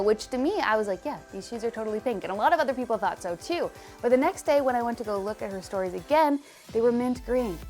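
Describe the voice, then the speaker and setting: A young adult woman hosting an entertainment news show, presenting stories in a chatty, breezy way with personal asides. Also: fairly high pitch. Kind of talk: upbeat scripted news presenting.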